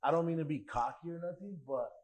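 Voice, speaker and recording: A man's voice: fairly high pitch, fast, a little mellow. A young man casually telling a story on a podcast, full of slang and profanity and acting out other people's voices. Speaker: podcast guest.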